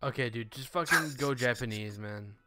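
A man's voice: mid-range voice, moderate pace, crowd noise. A man hosting a casual let's-play, joking crudely and laughing often. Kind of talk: casual gaming commentary.

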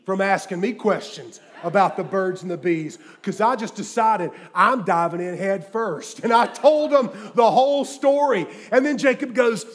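A middle-aged man preaching a sermon, telling jokey stories and swinging from quiet asides to loud bursts. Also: high voice, normal speed, few pauses. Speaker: guest preacher. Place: church sanctuary with live audience.

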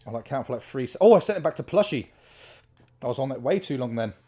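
A young man commentating on a horror game, excitable and chatty, muttering repeated counts under his breath between bursts of excitement. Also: mid-range voice, quick pace, husky. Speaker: gameplay commentator.

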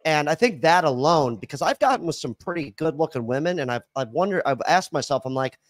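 A man's voice: a little high, animated, brisk, few pauses, no room sound. A man hosting a podcast in casual chat, rambling with lots of fillers and restarts. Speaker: podcast host.

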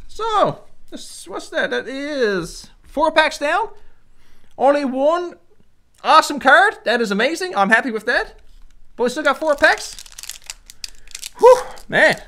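Woman host, high and bouncy, calls out cards one by one and gets excitable. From Canada. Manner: excitable, reads card names aloud one by one. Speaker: channel host. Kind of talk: casual card-opening commentary.

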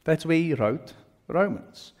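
A man's voice: on the high side, animated, unhurried, darkish tone, long reverb tail. A man preaching a sermon in a conversational way, full of joking asides. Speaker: pastor. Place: church.

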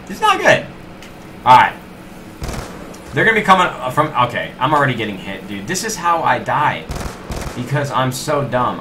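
A young man giving live gameplay commentary, animated and self-mocking, talking straight to his viewers. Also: medium pitch, background noise. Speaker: gaming YouTuber.

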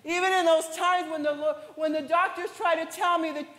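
High-voiced woman preaching in echoing hall. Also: steady tone, a little fast. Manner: impassioned preaching, rising to shouts. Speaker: pastor. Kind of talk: sermon. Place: large church hall. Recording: echoey church hall with long reverb.

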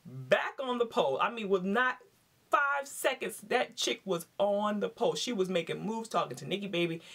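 A woman giving a casual, slangy episode recap, animated and laughing as she acts out what people said. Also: medium pitch, normal speed. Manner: chatty, acts out quotes in raised voices. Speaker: TV show reviewer.

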